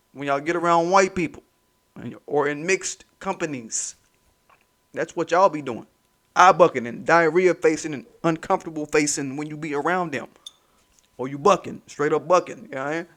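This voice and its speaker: A fairly high-voiced man hosts his own commentary vlog. He rants hard, swearing and mocking as he goes. He hammers his points home by saying them again and again. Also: normal speed, a bit bright. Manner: profane, heated, mocking, repeats himself for emphasis. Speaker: commentary channel host.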